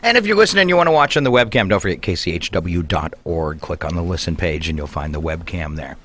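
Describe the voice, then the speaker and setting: A man's voice: low voice, animated, fast talker, a bit bright. A man hosting a casual radio interview, chatty and jokey, poking fun at himself. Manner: jokey, chatty, self-deprecating. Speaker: radio show host.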